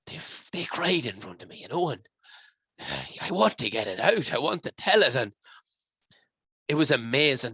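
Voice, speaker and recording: Passionate Irish man, bright forceful voice. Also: medium pitch, no echo. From Ireland. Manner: emotional, rambling, passionate. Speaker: podcast guest. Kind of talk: casual chat.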